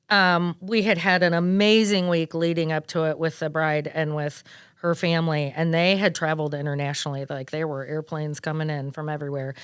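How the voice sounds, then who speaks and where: A woman with a smooth, resonant voice, pitched a little low, telling lively stories as a podcast guest. She is recorded close and dry. The sound is clean, with no room around it. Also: no echo. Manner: lively, animated storytelling. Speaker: wedding planner guest. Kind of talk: casual podcast interview storytelling.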